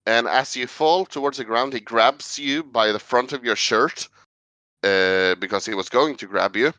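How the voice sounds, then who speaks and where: A man's voice: medium pitch, measured pace, pushed and bright, no echo. A man running a tabletop role-playing game as game master, narrating the scene in a chatty way with lots of fillers.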